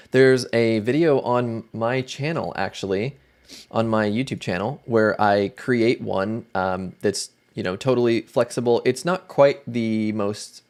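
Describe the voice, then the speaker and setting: Relaxed man chatting on a livestream. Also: medium pitch. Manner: relaxed, chatty, greets viewers by name. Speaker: livestream host. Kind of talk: casual livestream chat.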